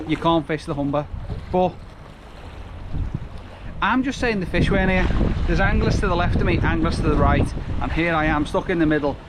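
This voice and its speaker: Grumbling angler in loud wind. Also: male voice, on the high side, fairly even intonation, moderate pace. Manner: chatty, grumbling and self-mocking. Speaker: fishing vlogger. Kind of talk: casual vlog to camera. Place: outdoors on a windy riverbank. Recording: loud wind noise on the mic.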